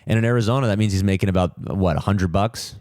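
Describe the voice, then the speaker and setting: A man's voice: on the low side, fast talker, darkish tone, dry recording, studio quality. A young man hosting a solo podcast, rambling and self-deprecating, full of fillers and restarts. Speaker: podcast host.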